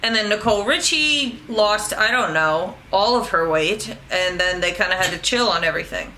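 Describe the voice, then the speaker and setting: A woman's voice: mid-range voice, lively intonation, moderate pace, pushed and bright, slight background noise, low-quality recording. A woman co-hosting a comedy news show, chatting casually in a playful, giggly, self-mocking way.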